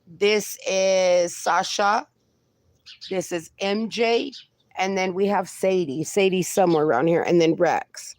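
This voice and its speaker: Speaking slowly in a fairly low, darkish voice with no room sound, this woman in her forties runs a casual livestream. She reads viewers' comments aloud and responds warmly, addressing them as "my darling" and "my friend."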